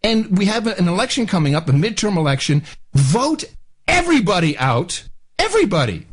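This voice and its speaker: Middle-aged male ranter, slightly high voice, swooping delivery, mocks officials loudly. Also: very animated, moderate pace, breathy edge. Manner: angry, mimics officials in loud barking voices. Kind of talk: casual ranting monologue.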